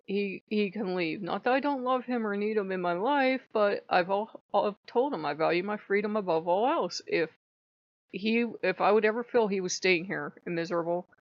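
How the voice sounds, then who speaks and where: A woman's voice: medium pitch, normal speed, no room sound. Chatty woman vlogger, lo-fi and dry. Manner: chatty, laughs often. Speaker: channel host. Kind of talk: casual storytelling vlog.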